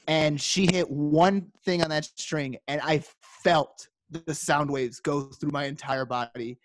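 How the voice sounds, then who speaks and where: A man's voice: a little high, steady tone, slow, hardly any pauses, dry recording. A man co-hosting a podcast, telling a story in a casual way and acting out quoted dialogue with animation. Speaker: podcast co-host.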